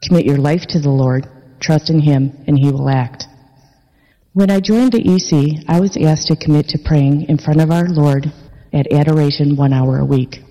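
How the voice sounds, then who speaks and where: Woman reading her testimony at church, earnest and steady, mellow tone, long reverb. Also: deep voice, moderate pace. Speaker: parishioner giving testimony. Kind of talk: reading a prepared personal testimony. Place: large church worship space.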